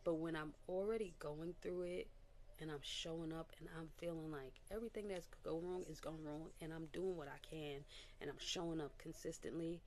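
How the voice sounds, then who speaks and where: Over slight background noise, a young adult woman speaks at normal speed in a low voice, giving a candid personal testimony on her casual vlog. She's lively, quoting others in their voices and laughing a little.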